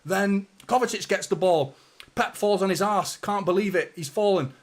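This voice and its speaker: A young man hosting a live football watchalong, swearing often and swinging between anxious muttering and shouted celebration. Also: sits high, moderate pace. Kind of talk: live match reaction commentary.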